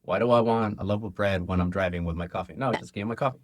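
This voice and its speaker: Lively low-voiced man telling stories. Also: rapid-fire, dry recording. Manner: animated storyteller acting out dialogue. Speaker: restaurant owner and cook. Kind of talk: casual interview chat.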